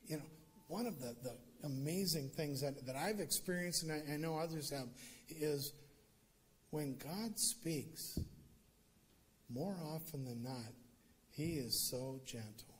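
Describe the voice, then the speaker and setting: Man, pastor, sermon, lively storytelling, slightly high voice, faint background noise. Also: unhurried. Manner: storytelling, lively, rising to emphatic peaks.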